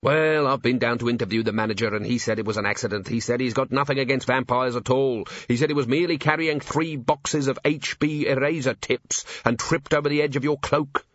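A man's voice: medium pitch, brisk, hardly any pauses, fairly bright tone, no room sound, muffled recording, lightly acted. A man voicing a tired, exasperated male dwarf officer.

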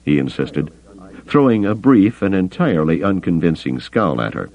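Deep, lively male narrator reading a novel, dull lo-fi recording. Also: moderate pace. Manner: expressive, storytelling. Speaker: audiobook narrator. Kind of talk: scripted narration.

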